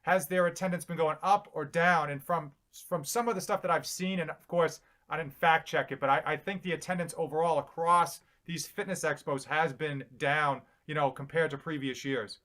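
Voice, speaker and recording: High-voiced rambling man chatting on a live stream. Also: fairly even intonation, moderate pace, hardly any pauses, fairly bright tone. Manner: rambling, self-deprecating, restarts often. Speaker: fitness YouTuber co-hosting a live Q&A. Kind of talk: casual live-stream chat.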